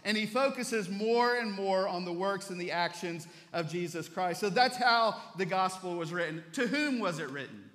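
A male pastor delivers a Sunday sermon in a church. His voice sits high and sounds bright and forceful. The long reverb of the sanctuary trails behind each phrase as he tells animated stories and doubles back on his words. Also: normal speed, few pauses. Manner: animated storytelling preacher, repeats words as he restarts.

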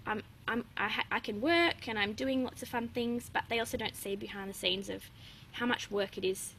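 A young adult woman chats openly as a guest in a casual interview, using lots of fillers and laughing often. Her voice is on the high side, gravelly, and fairly bright at a moderate pace. The low-quality recording has a little hiss or hum.

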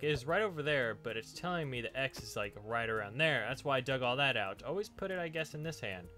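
A man with a bright, slightly high voice talks casually through his gameplay. He laughs often and is easily surprised, thinking out loud as he goes. Faint game music plays softly behind him. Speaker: gaming channel host. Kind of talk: casual let's play commentary.

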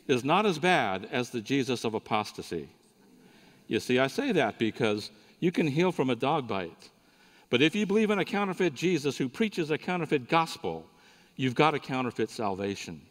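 At a conference, a man delivering a sermon spins a folksy, humorous story for the crowd. His voice is medium-pitched with a fairly bright tone, captured in a reverberant hall.

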